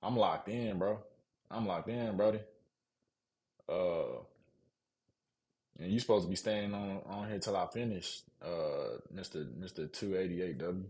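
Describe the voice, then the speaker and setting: Young Mississippi guy, Southern accent, lowish voice, relaxed slangy live-stream chatter. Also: measured pace, pauses often. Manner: laid-back slangy talk, reads chat aloud. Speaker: streamer building a PC. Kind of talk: casual live-stream chat to viewers.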